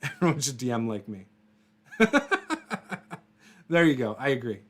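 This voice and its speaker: A man's voice: medium pitch, expressive, measured pace. A man hosting a casual tabletop RPG livestream, rambling and laughing often, with many fillers and restarts as he answers viewer comments.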